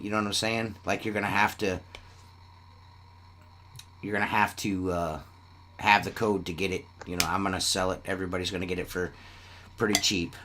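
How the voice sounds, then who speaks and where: A man's voice: deep voice, bright, forceful tone, a little hiss or hum. A man hosting a casual podcast, rambling and swearing often, with "you know what I mean" in nearly every sentence. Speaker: podcast host selling shirts.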